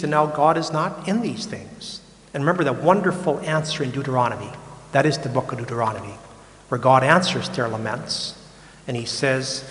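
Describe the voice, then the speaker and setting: A man's voice: medium pitch, normal speed, fairly bright tone. Older male priest, conversational sermon, frank and offhand, long reverb of a big hall. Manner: casual, frank, repeats words, mocks complaints.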